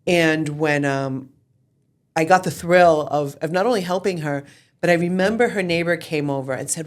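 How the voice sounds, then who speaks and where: Animated woman telling candid stories. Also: low voice, normal speed. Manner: animated, swears freely, laughs while telling stories. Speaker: real estate team founder, guest. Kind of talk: candid interview storytelling.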